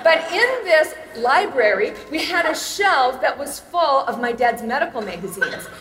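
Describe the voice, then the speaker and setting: A woman's voice: sits high, expressive, unhurried, a bit bright, faint music behind. Chatty woman in an echoey hall. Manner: chatty, self-deprecating, laughing often. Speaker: chapel speaker. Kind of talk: chapel talk with personal stories. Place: large hall. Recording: echoey hall with long reverb.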